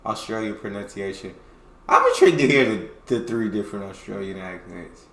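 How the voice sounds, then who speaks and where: A man from the United States hosting a casual reaction video, relaxed with easygoing asides. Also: fairly low pitch, brisk. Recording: echoey room.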